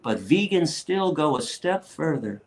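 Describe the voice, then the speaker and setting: A middle-aged man with a somewhat high voice tells stories with heat and no filter. He cusses freely and jumps into other people's voices as he acts out scenes. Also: big pitch swings, unhurried. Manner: blunt, profane, fired-up, acts out quotes. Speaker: guest lecturer and activist. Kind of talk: animated interview storytelling.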